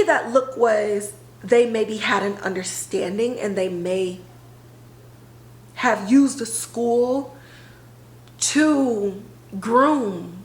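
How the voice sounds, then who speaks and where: A woman podcast host retelling a TV episode in a casual, animated way, full of filler words. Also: medium pitch, roomy sound, poor audio. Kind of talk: casual storytelling recap.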